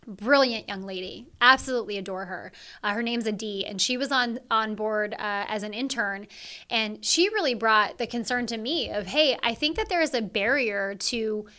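A woman's voice: a little high, normal speed, sharp tone. A woman executive, a guest on an interview podcast, speaking earnestly and with emphasis. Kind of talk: conversational interview.

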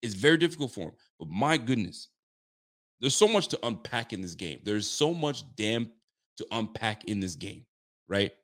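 A man's voice: lowish voice, very animated, moderate pace, a bit bright. A man hosting a late-night post-game reaction livestream, ranting emphatically and answering viewer messages. He is fired up but keeps his volume down. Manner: holding volume down while fired up; reads viewer messages aloud and answers them. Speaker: sports fan show host.

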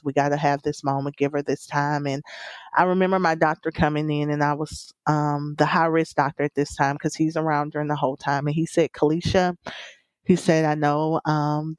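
A woman's voice: sits low, a little mellow, no room sound. A woman telling her own birth story as a podcast guest, earnest and emotional, with many fillers and quoted dialogue. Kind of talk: personal storytelling interview.

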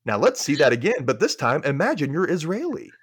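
A man's voice: a little high, very animated, brisk, breathy edge, no room sound. Man recapping a show, dry close sound. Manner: retells scenes, acting out quoted lines with a livelier voice. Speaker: podcast host. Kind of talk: casual episode recap.

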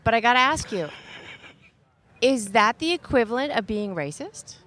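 A woman co-hosting a casual radio talk show, chatty and quick with questions. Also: on the high side, big pitch swings, fairly bright tone. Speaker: radio co-host.

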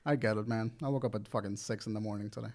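Young male podcast co-host, mid-pitched, relaxed and teasing. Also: rapid-fire. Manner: laid-back, teasing, laughs easily. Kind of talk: casual chat.

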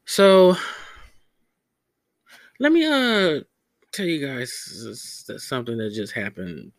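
A man's voice: mid-range voice, huge pitch swings, slow, no echo. Casual profane man, dry close sound. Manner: loose, profane, stumbling over words. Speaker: podcast host. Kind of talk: casual rambling monologue.

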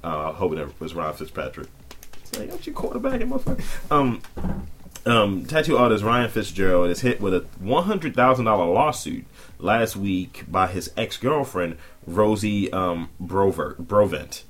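A man in his thirties co-hosting a podcast in loud, profane casual chat, often jumping up into high mocking voices. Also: expressive, measured pace, slight background noise. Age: 30s. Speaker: podcast co-host.

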